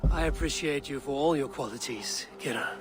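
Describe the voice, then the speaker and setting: An actor voicing a calm, courteous Norse warrior who speaks in a measured way, with game music behind. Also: male voice, medium pitch, natural voice.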